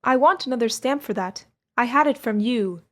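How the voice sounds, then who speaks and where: Woman doing a spunky young gal passing as a guy, emphatic and sarcastic, pitched up higher than her reading voice. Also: normal speed, lightly acted. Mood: insistent. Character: bold young woman passing as a man, quick-tempered.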